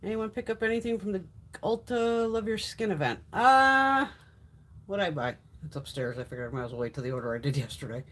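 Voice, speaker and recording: Woman hosting a casual beauty haul stream, chatty and salty-mouthed, with a very animated voice that jumps all over. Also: medium pitch. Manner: chatty, blunt, swears freely. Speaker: beauty livestream host. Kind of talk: casual live-stream chat.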